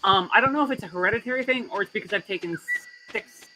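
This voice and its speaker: A man's voice: high-pitched, fast talker, pushed and bright, slight background noise, low-quality recording. American man with a slight British lilt. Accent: American with slight British influence. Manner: enthusiastic, repeats words when starting. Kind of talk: casual chat while gaming.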